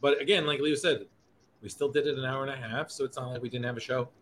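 A man hosts a podcast in loose, casual talk, rambling, cursing and fixing his own words as he goes. His mid-range voice is fairly bright and fairly even in intonation, and he talks fast over a faint hiss or hum.

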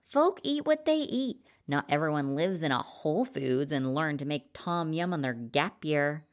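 A woman voicing a calm guard who delivers a cool rebuke in a storybook reading. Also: medium pitch, unhurried. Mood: cutting. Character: calm, cutting guard called Sunshine.

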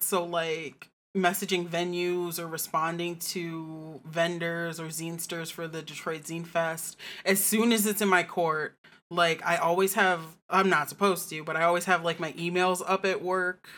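A woman with a bright, forceful voice set a little low, talking as a guest on a casual podcast. She is chatty and self-deprecating, and laughs often as she talks. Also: fairly even intonation, normal speed.

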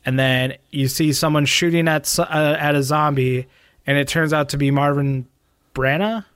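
A man's voice: a little high, little pitch movement, normal speed, a bit bright, dry recording, clean studio sound. A man in casual podcast chat, laid-back and agreeable, often saying yeah. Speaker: co-host.

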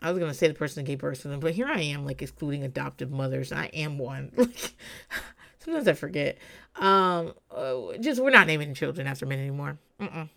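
A woman's voice: low voice, expressive, brisk, vocal fry, a bit bright. A woman hosting a podcast, giving casual, profane true-crime commentary full of laughing asides. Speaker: podcast host.

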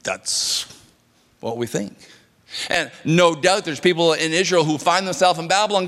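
A man preaching from the pulpit in an earnest, conversational way, restarting phrases as he thinks aloud. His voice sits a little high for a man and trails into a long hall reverb. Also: moderate pace, fairly bright tone. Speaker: pastor. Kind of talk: sermon.

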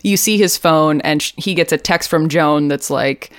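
A woman with a low voice co-hosts a podcast, recapping a TV episode at a moderate pace in a chatty, jokey style full of fillers and laughter. The sound is studio quality with no room sound.

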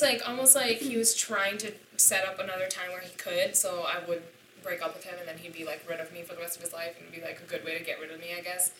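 Speaking as a podcast guest, this young woman opens up about a painful experience, emotional and frank, saying "like" constantly. Her fairly low voice comes across bright and forceful. There's a little background noise, and the sound is distant and roomy.

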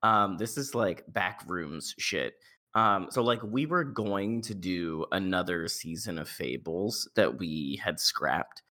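A man with a low-ish but bright voice rambles through a casual podcast chat. He is self-deprecating and swears freely, with loose, casual phrasing. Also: animated, takes it slowly. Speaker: cast member.

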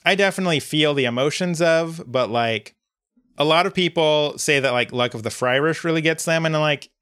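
Podcast guy thinking out loud, lots of likes and ums, bright forceful voice. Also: on the high side, fairly quick, smooth. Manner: reflective, rambling with many filler words. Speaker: podcast co-host. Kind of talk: casual chat.

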